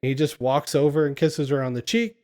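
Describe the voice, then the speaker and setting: A man's voice: on the high side, expressive, brisk, a little mellow. A man casually recapping a film scene by scene on a podcast, laughing often as he retells it. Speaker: podcast co-host.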